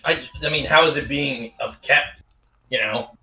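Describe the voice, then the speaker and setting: A man playing in a tabletop game, chatting casually with quick jokes and curious questions. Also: mid-range voice, sharp tone, low-quality recording. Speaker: player.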